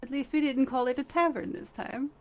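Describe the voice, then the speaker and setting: A woman's voice: high voice, steady tone, a little fast, a little mellow. A woman in game role-play, speaking politely and deferentially.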